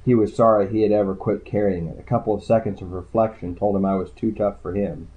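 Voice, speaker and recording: A man narrating a hardboiled crime story in the first person, with a dry, low-key delivery. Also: fairly even intonation, quick pace. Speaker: audiobook narrator. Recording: tinny phone-like sound.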